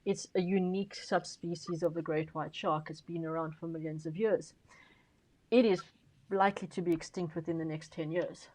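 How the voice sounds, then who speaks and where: A woman on a conference panel talks in a fairly low voice, pressing her argument with emphasis. She repeats words to drive points home and often stops and restarts mid-sentence. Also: steady tone, moderate pace, darkish tone, poor audio. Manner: frequent fillers and restarts.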